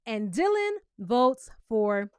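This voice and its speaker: Sassy high-voiced woman recapping TV. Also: slow pace, clean tone, dry recording, clean studio sound. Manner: sassy, animated, talks straight to viewers; acts out cast members' lines in playful voices. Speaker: reality TV recap vlogger. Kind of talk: casual episode recap.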